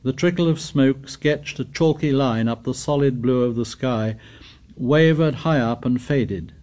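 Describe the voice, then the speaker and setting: A man's voice: medium pitch, a little slow, darkish tone. Man narrating an audiobook. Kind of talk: scripted narration.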